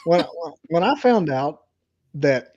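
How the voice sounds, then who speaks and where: A man from Alabama with a Southern accent, drunk and ranting loudly on a podcast, full of swearing. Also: a little high, very animated, slow, highs cut off. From Alabama, USA. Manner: profane, boisterous ranting. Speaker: guest. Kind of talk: rowdy casual podcast chat.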